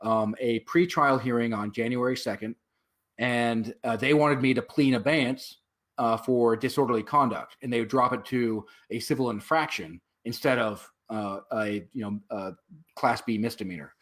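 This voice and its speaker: A man's voice: mid-range voice, normal speed, fairly bright tone. A man, a veteran and activist, telling his story as a guest in a casual interview, rambling with many fillers and swear words.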